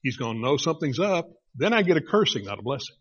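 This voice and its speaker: A man's voice: a little high, big pitch swings, fast, a bit bright, slightly rough, muffled recording, heavily acted. A man voicing a worried young man who anxiously confides a problem to his mother.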